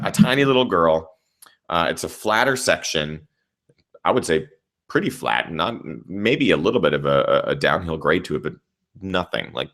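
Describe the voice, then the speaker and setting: A young man, a trail runner and channel host, recapping a race in casual, animated storytelling, swearing freely. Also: deep voice.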